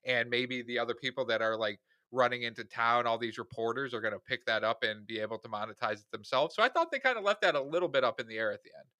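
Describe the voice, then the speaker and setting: A man's voice: medium pitch, fast talker, few pauses, no echo. A man co-hosting a podcast, reviewing a movie in casual chat and acting out quoted lines. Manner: animated, opinionated, acts out quoted lines. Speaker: podcast co-host, film reviewer.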